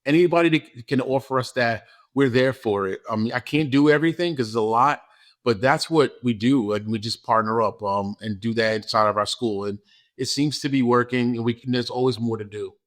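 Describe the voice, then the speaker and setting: A man's voice: medium pitch, fairly quick. A man, a school principal talking about his work in a casual podcast interview, earnest and often repeating himself. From New York. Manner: earnest, repeats words, gets emotional.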